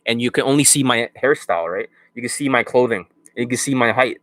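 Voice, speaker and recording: A blunt dating coach delivers a profane, off-the-cuff rant to his students. His voice sits at a middling male pitch. The sound is dry, with no room echo. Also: quick pace, a bit bright. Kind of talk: unscripted monologue to students.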